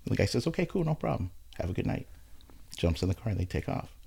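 A man with a low, gravelly voice and a husky edge recounts a run-in in relaxed conversation. He tells it in an animated way and acts out the voices of the people in his story. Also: fast talker. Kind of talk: casual chat.

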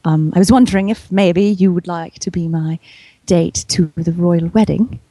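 A woman's voice: lowish voice, steady tone, moderate pace, dark tone, no room sound, close to an everyday voice. A woman putting on a posh English accent as a prim, proper lady. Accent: posh English put on. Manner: prim and formal.

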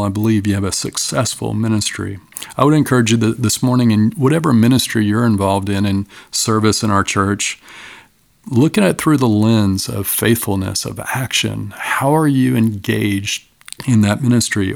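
A middle-aged male pastor preaching an earnest, measured sermon, asking the listeners questions. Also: lowish voice, creaky, no echo.

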